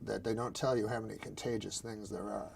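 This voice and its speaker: A man telling jokes in a deadpan, rambling way, now and then chuckling at his own lines. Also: lowish voice, fairly quick, gravelly, background noise. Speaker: comedian. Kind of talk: deadpan news jokes and talk-show storytelling.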